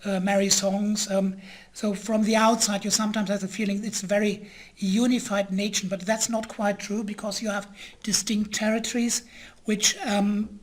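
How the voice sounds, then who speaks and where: A man whose first language is German, giving an online history lecture in a hesitant way, with many pauses and an occasional throat-clear. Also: high-pitched, flat delivery.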